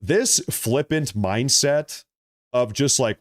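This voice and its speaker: A young man delivers a heated political rant on a livestream, combative and profane. His voice sits a little high for a man and swings from loud outbursts down to low muttering. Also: animated, moderate pace. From United States. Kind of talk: ranting live commentary.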